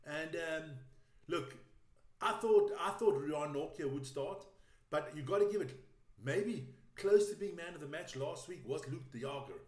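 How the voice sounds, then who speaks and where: A man with a high voice, talking in brash, teasing chat and cursing as he pleases. He sounds like he is in a roomy space with a noticeable echo. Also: animated, measured pace. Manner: brash, teasing, swears freely. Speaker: podcast co-host. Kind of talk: casual chat.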